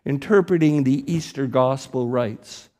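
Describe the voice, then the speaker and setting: A man, a priest preaching a sermon in church, slow and deliberate with emphatic rises. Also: mid-range voice, mellow.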